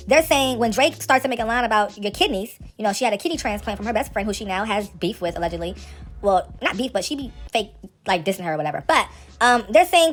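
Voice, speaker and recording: A woman hosting casual celebrity gossip commentary, sassy, slangy and animated. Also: fairly high pitch, fast talker, faint music behind.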